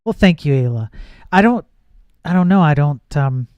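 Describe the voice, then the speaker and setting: A man's voice: a little high, a little fast, dry recording, muffled recording. A man live-streaming while he codes, thinking aloud and chatting with viewers, with frequent restarts. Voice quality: says his voice gets nasal when projecting. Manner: thinks aloud, reads chat, trails off and restarts. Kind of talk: casual live-stream chat while coding.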